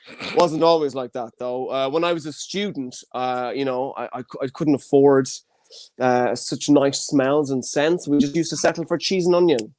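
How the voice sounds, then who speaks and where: A man's voice: medium pitch, fairly even intonation, moderate pace, a little mellow. A young Irish man hosting an online comedy show over a video call, rambling and cheeky in a self-deprecating stand-up set. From Ireland. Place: home, streamed online.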